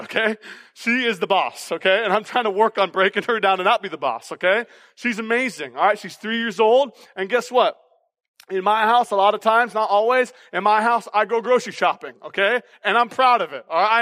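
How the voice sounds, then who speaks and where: A pastor delivers a sermon in an energetic, conversational style, adding "okay?" or "all right?" after nearly every line. His very high voice comes across bright and forceful, with long reverb like that of a large church auditorium.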